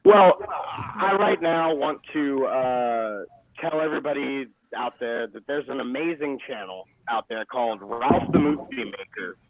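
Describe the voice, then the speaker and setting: A man's voice: mid-range voice, lively intonation, unhurried. Enthusiastic man on a tinny call line. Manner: enthusiastic, swears casually. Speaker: co-host. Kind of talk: casual group chat. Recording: tinny phone-like online call.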